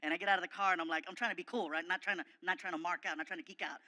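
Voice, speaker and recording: Bright-voiced, excitable male comedian. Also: sits high, racing. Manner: animated, excitable, self-mocking. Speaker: guest comedian. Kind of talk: comedic storytelling in an interview.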